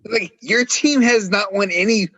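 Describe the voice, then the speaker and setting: A man's voice: sits high, unhurried, a bit bright, muffled recording, a little hiss or hum. A man talking as a podcast guest in casual chat, blunt and mocking, with lots of swearing.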